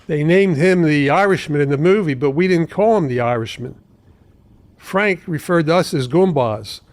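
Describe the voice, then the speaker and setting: A man in his seventies, a trial lawyer hosting his own podcast, telling stories from his cases in a measured, deliberate way. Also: on the high side, no room sound. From Philadelphia area. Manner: measured, deliberate storytelling with asides. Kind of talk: storytelling podcast monologue.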